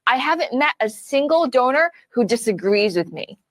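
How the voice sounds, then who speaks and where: A woman's voice: a little high, big pitch swings, moderate pace, no echo. A woman who was a campaign fundraiser, speaking indignantly and emphatically as an interview guest. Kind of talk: interview commentary.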